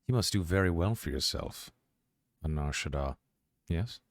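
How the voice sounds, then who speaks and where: A man playing a smooth, menacing doctor. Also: low voice, expressive, no room sound, clean studio sound. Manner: courteous, measured and veiled threats. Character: smooth-talking male doctor, polite and quietly menacing. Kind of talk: tabletop role-play in character.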